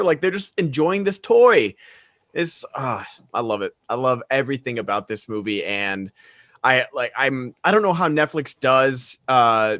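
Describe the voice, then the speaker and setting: A man chatting enthusiastically about a favorite film on a video call, getting loud when excited. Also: medium pitch, no echo, studio quality. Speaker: podcast co-host. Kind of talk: casual movie discussion. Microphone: remote video call.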